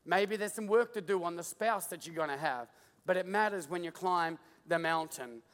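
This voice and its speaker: High-voiced Australian pastor in a hall. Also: male voice, normal speed, fairly bright tone. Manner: jokey storytelling, digressive, acts out voices. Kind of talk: sermon. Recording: long hall reverb.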